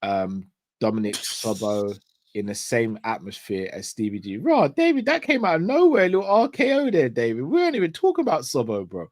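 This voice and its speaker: A man's voice: mid-range voice, very animated, brisk, no room sound. A man co-hosting a casual fan show, reading out viewers' chat comments with fillers. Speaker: co-host reading live chat.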